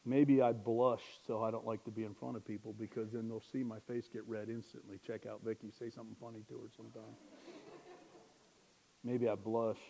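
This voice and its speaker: A man's voice: on the low side, flat delivery, brisk, vocal fry, warm tone, a little hiss or hum. A man preaching a sermon in a conversational way, asking rhetorical questions and joking at his own expense. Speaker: pastor.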